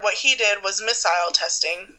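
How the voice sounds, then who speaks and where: A podcast host sets up a clip in relaxed, rambling speech, leaning on fillers as they go. The voice is bright and clear. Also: medium pitch, normal speed, poor audio. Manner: rambling, filler-heavy explaining. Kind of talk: casual chat.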